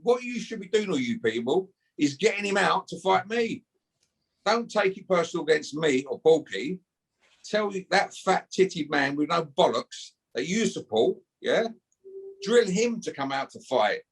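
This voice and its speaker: A man's voice: fairly high pitch, very animated, normal speed, vocal fry, breathy edge. A man, calling out a rival in brash, swearing casual talk and ending lines with a taunting "yeah?". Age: 50s. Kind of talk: heated casual callout.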